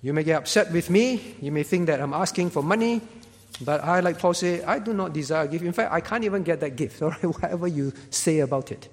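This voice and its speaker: A man preaching a sermon as pastor, earnest and pleading, rising at times to loud exclamations. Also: on the high side, animated, a little fast. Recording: long hall reverb.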